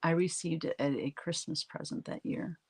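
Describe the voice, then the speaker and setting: A woman's voice: low-pitched, steady tone, moderate pace, slightly rough. A woman who hosts a live painting stream, chatting casually with viewers and telling funny stories with frequent laughter. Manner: chatty storyteller, laughs often. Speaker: artist hosting a live stream. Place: home art studio, standing at work.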